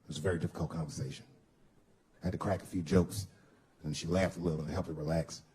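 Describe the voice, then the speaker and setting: A man doing stand-up comedy, telling a story and acting out other people's voices with lively jumps in pitch. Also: fast talker. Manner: animated, acts out voices of son and wife with big pitch jumps. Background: audience laughter.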